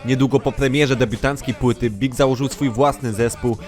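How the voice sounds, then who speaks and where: Brief: male documentary narrator, fast and even, music playing under. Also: mid-range voice. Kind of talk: scripted narration.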